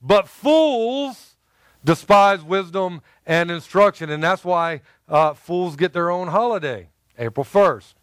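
A man with a high, smooth and resonant voice preaching a sermon in a dry, close sound. He tells personal stories in an animated way, acts out the people in them and jokes with the congregation. He sounds middle-aged. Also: slow, dry recording. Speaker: pastor.

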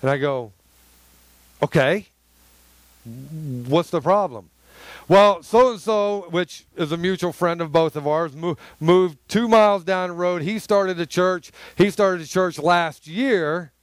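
A male pastor preaching a sermon in an emphatic, conversational way with sudden loud bursts. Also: high-pitched, a little slow, hardly any pauses, clean tone, dry recording.

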